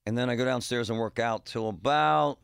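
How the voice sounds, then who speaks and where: A man's voice: medium pitch, a little fast, gravelly, fairly bright tone, smooth, no echo. A middle-aged man hosting a radio show, rambling and joking in a casual monologue with punchy exclamations.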